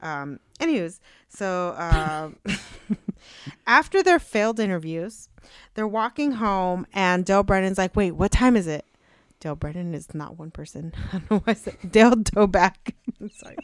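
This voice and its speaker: A woman guest co-host in a casual podcast chat, telling an animated, profane story with frequent laughter on a close mic. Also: mid-range voice, normal speed, clean tone, no echo.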